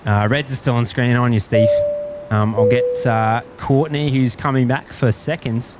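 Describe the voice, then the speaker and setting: A man's voice: mid-range voice, fairly even intonation, moderate pace, heavy background noise. An Australian man hosting a live stream, chatting casually and chuckling as he greets viewers. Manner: easygoing, rambling, chuckles often. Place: outdoors at a plane-spotting spot by an airport.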